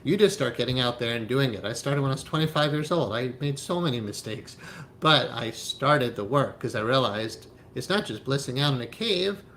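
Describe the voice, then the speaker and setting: Guy lecturing on hypnotherapy, mid pitch, keeps saying right, laughs a lot, faint rumble behind. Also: animated, normal speed, fairly bright tone. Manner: emphatic, repeats "right?", laughs often. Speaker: hypnotherapy teacher. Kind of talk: spiritual teaching talk.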